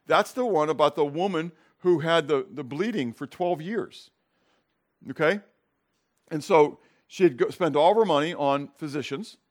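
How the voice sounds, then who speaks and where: A man's voice: a little high, normal speed, darkish tone. A man teaching a casual Bible class, checking in with "okay?" and "right?" and acting out scenes for his students. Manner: asks the class questions and acts out scenes.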